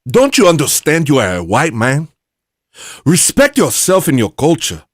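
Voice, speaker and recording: A man's voice: on the high side, huge pitch swings, dry recording, studio quality, voice pushed up. A man putting on a preachy African-accented lecturer. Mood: lecturing. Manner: stern, lecturing, drawn-out. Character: preachy man lecturing white people on their culture.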